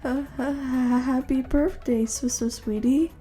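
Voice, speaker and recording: A woman's voice: a little high, fairly even intonation, slow pace, mellow, echoey room, soft background music. A woman doing a stuttering shy young man. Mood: nervous. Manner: stuttering, hesitant.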